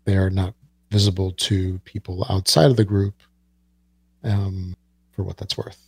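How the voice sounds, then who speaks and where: A man's voice: deep voice, flat delivery, a little slow, vocal fry, a little mellow, husky, no room sound. A man co-hosting a casual podcast, giving listener info and joking with dry sarcasm. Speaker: podcast co-host. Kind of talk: casual chat.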